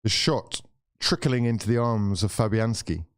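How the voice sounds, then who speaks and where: A man with a lowish voice hosts a live watchalong of a football match, speaking at a normal speed. He narrates the play with sighs, swearing and theatrical despair.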